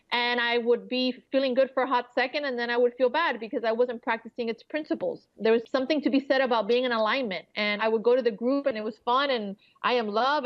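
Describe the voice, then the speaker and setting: A woman author talking earnestly about spiritual growth in an interview, now and then acting out inner voices. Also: muffled recording. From Miami area resident. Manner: earnest, spiritual, acts out inner voices with sudden high pitch. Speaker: author guest. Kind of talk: casual interview chat.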